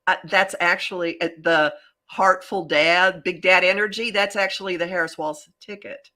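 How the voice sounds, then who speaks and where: A woman hosting a podcast as a psychic astrologer, talking in a rambling, animated way with many restarts. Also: on the low side, normal speed. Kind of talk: casual podcast chat.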